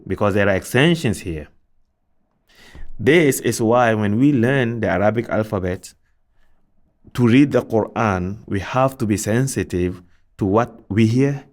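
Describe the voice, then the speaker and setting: A man teaching Arabic letter sounds, speaking in a measured way and repeating syllables slowly and deliberately. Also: lowish voice. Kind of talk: slow step-by-step pronunciation lesson.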